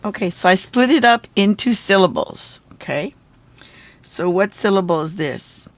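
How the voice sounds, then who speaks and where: A woman teaches a recorded phonics lesson at an unhurried pace, breaking words into syllables and sounding each one out. Her pitch sits in an ordinary middle range, and she keeps checking that the viewer is following along. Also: lively intonation, dry recording. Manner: patient, sounds out syllables and checks in with "okay?" and "right?".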